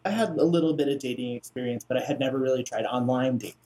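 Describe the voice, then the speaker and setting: A man co-hosting a podcast, relaxed and self-deprecating as he tells a story in casual chat. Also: medium pitch, fast. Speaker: podcast co-host.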